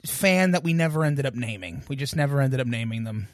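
A man's voice: medium pitch, lively intonation, fairly quick, no echo, studio quality. A man co-hosting a music podcast in a casual, joking, rambling way, poking fun at himself. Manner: joking, rambling, self-deprecating. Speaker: podcast co-host.

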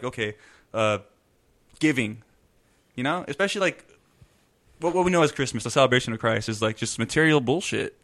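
A man telling a story in casual, profane podcast chat, acting out quotes loudly and swearing constantly. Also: medium pitch. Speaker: comedian podcast co-host.

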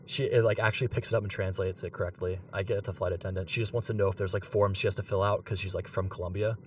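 A young man from Pittsburgh telling an animated story on a podcast, laughing and using many fillers. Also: sits low, rapid-fire, slight background noise. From Pittsburgh, USA. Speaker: podcast co-host. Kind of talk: casual storytelling. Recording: a bit far from the mic.

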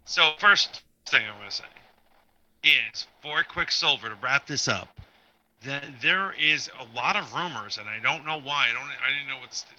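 A man's voice: medium pitch, pushed and bright, lo-fi sound. A man co-hosting a casual pop-culture podcast, talking in a chatty, rambling way about rumors. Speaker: podcast co-host.

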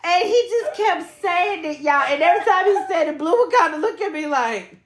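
A young woman co-hosting a podcast, telling a story in casual chat with lively, profane retellings and acted-out quotes. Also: extremely high pitch, normal speed. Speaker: podcast co-host. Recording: echoey room.

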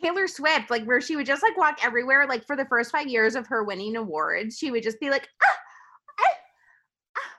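A woman co-hosting a casual podcast, teasing her partner with quick questions. Her voice is bright and sits fairly high. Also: animated. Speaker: podcast co-host.

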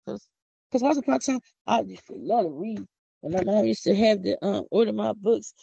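A middle-aged woman from Philadelphia with a Philadelphia accent, hosting a casual, preachy podcast monologue with excited whoops. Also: medium pitch, moderate pace, gravelly, husky, no echo. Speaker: podcast host. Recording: dull lo-fi audio.

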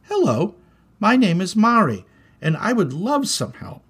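A friendly little girl pipes up eagerly in a high, sing-song voice, as a man reading a storybook puts her on. The tone leaps about and carries a slight husky edge. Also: sing-song, a little slow, a bit bright, heavily acted. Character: young dinosaur girl Mari, friendly.

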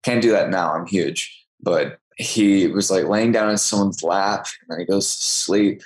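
A man's voice: sits low, measured pace, rough recording. A young man from Texas, an actor, telling stories in a casual interview with a chatty, self-deprecating manner. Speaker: guest actor.

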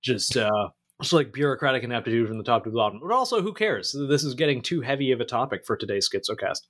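A man's voice: medium pitch, quick pace, fairly bright tone. A man hosting a podcast, talking casually in a blunt, crude, joking way.

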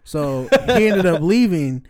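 A man's voice: on the high side, expressive, a little slow, darkish tone, no echo. Young man, casual slangy storyteller, dry close sound. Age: 20s. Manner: laid-back storytelling, slangy, laughs often. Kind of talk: casual chat.

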